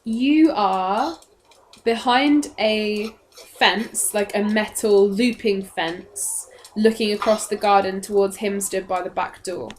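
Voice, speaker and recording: A woman's voice: medium pitch, slow pace, slight background noise. A woman as game master, narrating scenes in a descriptive, matter-of-fact way.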